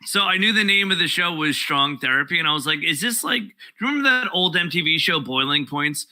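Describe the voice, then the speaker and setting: A man, a guest comedian telling profane, animated stories in casual podcast chat. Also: fairly high pitch, fast, low-quality recording. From New York.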